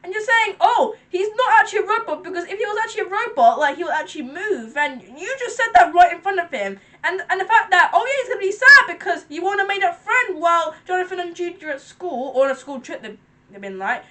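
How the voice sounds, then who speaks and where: A woman hosting a reaction video, chattering excitably with frequent giggles. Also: very high voice, fast. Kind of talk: casual reaction commentary.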